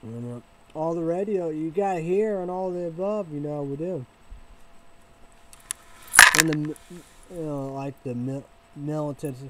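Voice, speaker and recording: A man from Illinois ranting in a halting, repetitive way, sometimes bursting into loud excited shouting. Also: fairly high pitch, slight background noise, rough recording. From Illinois, United States. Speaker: vlogger. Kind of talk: rambling casual rant.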